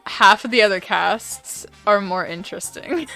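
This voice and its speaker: A woman's voice: mid-range voice, expressive, unhurried, gravelly, sharp tone, faint music behind. A young woman streaming a game, reading its dialogue aloud and voicing the characters in a giggly, sweary way. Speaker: gaming streamer. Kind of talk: casual let's-play commentary, reading dialogue aloud.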